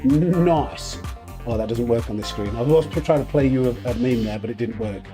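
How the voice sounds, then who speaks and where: A man streaming sim racing, casually greeting viewers by name in quick bursts and joking about himself. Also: medium pitch, music in the background. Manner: upbeat, greets chat names in quick bursts, self-mocking. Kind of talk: casual live-stream chat.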